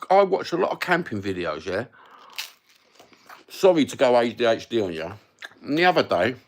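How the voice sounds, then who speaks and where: A man with a Cockney accent hosting a livestream, chatting casually and rambling between topics with plenty of swearing. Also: on the low side. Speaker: livestream host.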